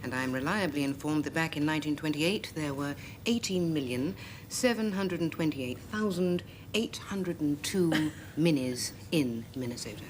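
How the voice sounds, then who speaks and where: Deadpan woman, low voice. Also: moderate pace, slight background noise. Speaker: panel game guest. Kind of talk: mock-factual definition.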